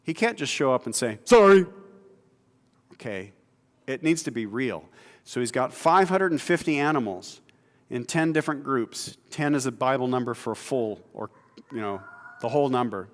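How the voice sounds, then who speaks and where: A man's voice: mid-range voice, normal speed. Man preaching in a reverberant hall. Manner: conversational preaching that builds to emphatic, louder stretches. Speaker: pastor. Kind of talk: sermon.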